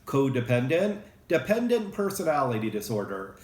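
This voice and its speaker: A man's voice: mid-range voice, very animated, moderate pace, a little mellow. A man giving a casual psychology lecture, joking and acting out short examples. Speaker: psychology professor. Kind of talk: recorded lecture. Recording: roomy echo.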